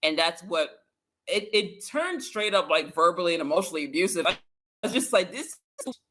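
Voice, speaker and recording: Bright, exasperated podcast co-host. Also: mid-range voice, expressive, brisk. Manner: talkative, many "like" fillers, exasperated. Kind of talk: casual pop-culture recap chat.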